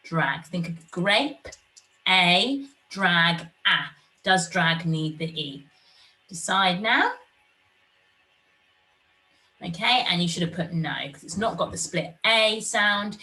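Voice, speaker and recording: A woman teaching young children in a recorded online lesson, sounding out words clearly and slowly. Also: fairly low pitch, animated, sharp tone, distant mic. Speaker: primary school teacher.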